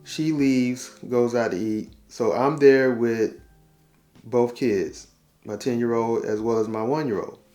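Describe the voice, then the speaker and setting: A relationship talk host in his forties tells a family story as casual advice, acting out the dialogue with slang and repetition and laughing at himself. His medium-pitched voice is warm and fairly even in intonation, and he speaks a little slowly.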